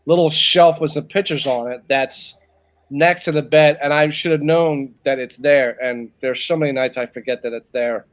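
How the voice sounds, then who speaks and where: Slightly high-voiced man with dry quips. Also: normal speed. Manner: dry, reads out lists with quips. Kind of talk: casual chat.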